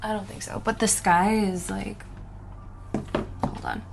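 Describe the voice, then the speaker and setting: A young woman answering viewer questions at home, rambling and giggly, often trailing off into soft whispers. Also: medium pitch, steady tone, measured pace, gravelly, music in the background. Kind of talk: casual solo Q&A chat. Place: at home by a window.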